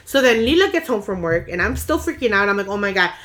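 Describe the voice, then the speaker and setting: A woman's voice: a little high, very animated, fast, a bit bright. A young woman telling a story in casual conversation, rambling with restarts and acting out the frantic moments. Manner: rambling with many restarts, acts out screaming quotes.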